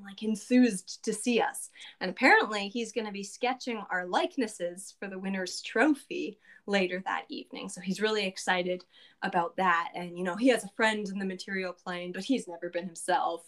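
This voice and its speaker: Chatty woman player recapping a game session, mid-pitched, lots of "like" and asides. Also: fairly bright tone. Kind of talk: casual recap of a tabletop game.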